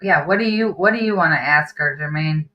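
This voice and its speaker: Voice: mid-range voice, a little fast, dull audio. A podcast host chatting casually with a guest over a video call, patiently checking the connection and prompting questions. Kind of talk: casual interview chat.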